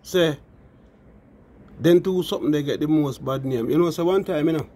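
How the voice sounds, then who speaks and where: A man's voice: on the high side, normal speed, dark tone, husky. A man with a Jamaican accent telling a story in casual patois, often adding "you know" and calling his listeners "people".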